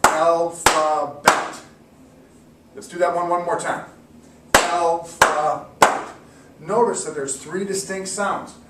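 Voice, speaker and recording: A man giving an encouraging mock classroom lesson, slowly sounding out words for students. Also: high voice, fairly even intonation. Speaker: teacher. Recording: echoey room, distant mic, faint hiss.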